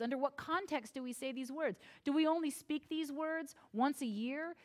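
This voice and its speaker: A woman pastor delivering a sermon, telling stories with lively acted-out quotes. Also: high voice. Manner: animated storytelling, acts out quoted voices.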